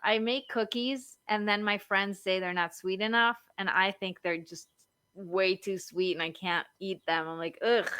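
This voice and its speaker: A woman's voice: mid-range voice, fairly even intonation, unhurried, sharp tone, smooth, dry recording. A woman in her thirties, a marriage coach, chatting casually on a podcast and telling stories full of fillers. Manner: chatty storyteller, lots of likes and you-knows.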